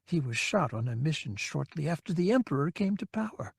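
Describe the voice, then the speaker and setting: A man's voice: on the high side, sing-song, a little fast, creaky, breathy edge, no room sound, clean studio sound, full character voice. A man voicing an anxious, apologetic middle-aged woman looking after her confused father.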